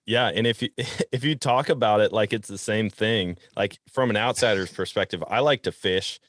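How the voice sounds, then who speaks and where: A man from Wisconsin hosting an outdoors podcast, telling fishing stories in a relaxed way and chuckling often. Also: fairly low pitch, moderate pace, dry recording, studio quality. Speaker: podcast host. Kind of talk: casual outdoors chat.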